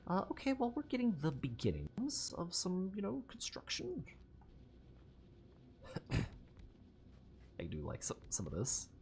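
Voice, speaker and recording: A man's voice: high-pitched, wildly swooping pitch, measured pace, pauses often, a little mellow, a little hiss or hum. A man giving casual gameplay commentary, thinking aloud, swearing freely and laughing often. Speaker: gameplay streamer.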